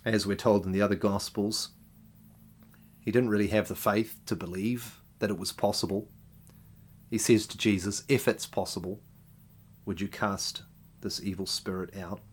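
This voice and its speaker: Man, preacher, sermon, somewhat low voice, rhetorical questions to the congregation.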